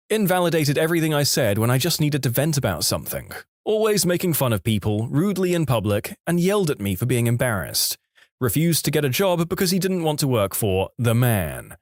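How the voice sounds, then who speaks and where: A man reads online stories aloud in a scripted storytelling manner. His pitch swings widely and keeps the delivery animated. The recording is dry and close, with no room sound. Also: no room sound. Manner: lively storytelling read. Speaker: narrator.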